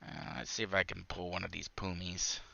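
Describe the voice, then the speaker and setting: A man's voice: low voice, level tone, fairly quick, creaky, pushed and bright, muffled recording. A man hosting a gaming channel, rambling through live gameplay commentary with lots of filler words and restarts.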